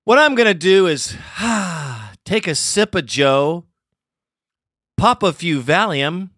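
A man's voice: high voice, lively intonation, unhurried, fairly bright tone. A man hosting a sports fan podcast, ranting angrily and profanely after a lost game. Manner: profane and furious, swearing constantly. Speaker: podcast host. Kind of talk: angry postgame rant.

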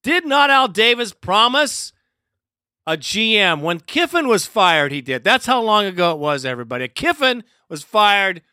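A man rants solo as a podcast host, heated and profane. His voice sits high and bright. The sound is dry and close, with no room around it. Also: very animated, normal speed, no room sound. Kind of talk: solo ranting commentary.

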